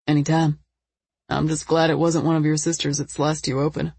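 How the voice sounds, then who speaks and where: A calm, gentle man who patches up a wound, speaking steadily and softly, as a woman narrator puts him on. His voice is husky and a touch gravelly, and the recording is dry. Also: low-pitched, moderate pace, no echo, full character voice.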